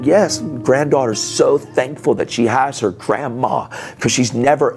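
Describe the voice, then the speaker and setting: A man's voice: fairly low pitch, darkish tone. A man telling a dramatic testimony in a church sermon, speaking casually with "man" and "dude" and acting out the other people's voices. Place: church sanctuary.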